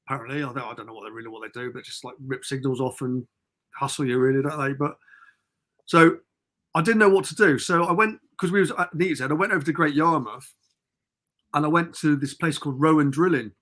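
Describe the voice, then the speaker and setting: Chatty middle-aged man, bright forceful voice. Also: mid-range voice, fairly quick. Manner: rambling storyteller, chatty and informal. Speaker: podcast guest. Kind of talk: casual chat. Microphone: remote call.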